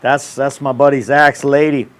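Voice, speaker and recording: A man's voice: medium pitch, level tone, moderate pace, clear, resonant tone. A man in his thirties hosting a casual livestream, ranting in brash, profane, slangy banter. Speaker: show host.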